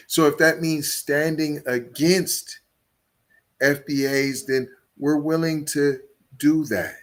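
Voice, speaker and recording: A man hosting a solo podcast, talking emphatically, repeating words and stacking rhetorical questions. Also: medium pitch. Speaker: podcast host.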